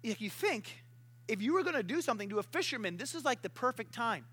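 A male preacher tells a story in a loose, chatty sermon, cracking jokes and acting out little voices. His voice sits very high with a sharp, bright edge to it. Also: sing-song, fast talker, husky.

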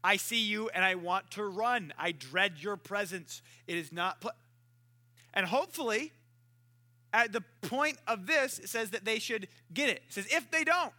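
A man's voice: sits high, lively intonation, measured pace, bright, forceful tone. A man preaching a sermon as a pastor, telling stories animatedly and acting out conversations in other people's voices.

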